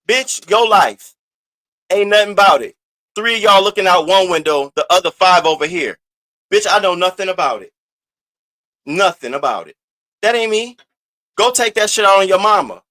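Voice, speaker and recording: A high, bright-voiced man hosts a live stream. He rants at a rival in a taunting, profane roast. His voice is sharp and cutting. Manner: profane, taunting, trash-talking. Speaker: host. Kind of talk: roast-style live rant.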